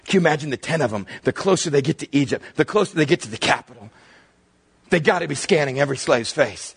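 Husky-voiced male pastor preaching. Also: quick pace. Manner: animated storytelling, drops to hushed low tones for emphasis. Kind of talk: sermon.

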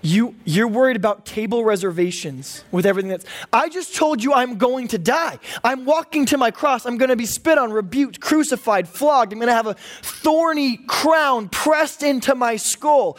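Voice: mid-range voice, normal speed, few pauses, natural voice. A preacher voicing an exasperated, sarcastic Jesus in a sermon retelling, incredulous and wry. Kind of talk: sermon retelling with acted quotes.

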